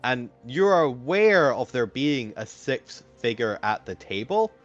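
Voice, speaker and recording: A man's voice: mid-range voice, sing-song, unhurried, muffled recording, faint music behind. A man narrating as game master of a tabletop game, rambling with many fillers and restarts.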